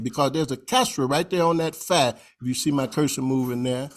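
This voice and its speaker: A man presenting a grammar lesson from a slideshow at a convention, slowly repeating recited phrases and stressing words emphatically. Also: a little high.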